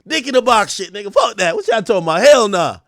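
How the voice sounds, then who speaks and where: A male streamer with a high voice that swoops all over, recorded close and dry. He tells crude stories in a casual way, acts out both sides of each conversation and breaks into loud, shouting bursts. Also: fast talker, no echo. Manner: animated, crude storytelling that acts out dialogue. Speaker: live streamer. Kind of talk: casual livestream commentary.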